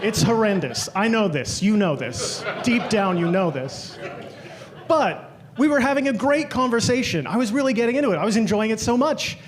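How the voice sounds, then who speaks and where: High-voiced Australian man doing stand-up. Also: animated, moderate pace. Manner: dry, self-deprecating storytelling with quoted voices. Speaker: stand-up comedian. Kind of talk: stand-up comedy set. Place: comedy club stage with laughing audience.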